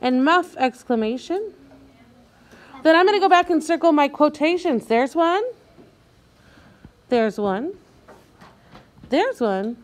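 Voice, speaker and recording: With an expressive, high voice, a woman teaches young children to read. She keeps a patient classroom manner, speaking slowly and clearly and stretching words out so the kids can keep up.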